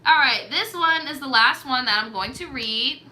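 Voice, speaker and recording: A young woman hosting a casual storytime show, giving blunt, profane advice with animated reactions. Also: high-pitched, normal speed, a little hiss or hum.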